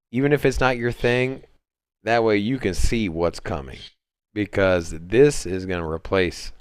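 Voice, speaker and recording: A man with a medium-pitched voice, recorded at studio quality with no room sound, hosts a casual Sunday crypto livestream from home. He rambles in a laid-back way, with lots of fillers and restarts.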